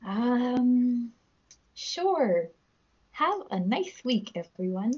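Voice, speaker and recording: A woman's voice: a little high, big pitch swings, very slow, darkish tone, slightly rough, dull audio. A woman guest in a casual podcast chat, giggly and self-deprecating as she reads out facts. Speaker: guest, musician.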